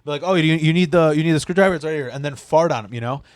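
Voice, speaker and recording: A man's voice: on the high side, very fast. A man from the Chicago area telling crude work stories in casual talk, cursing often and restarting his sentences. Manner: profane, rambling with many restarts. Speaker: podcast guest. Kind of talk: casual storytelling.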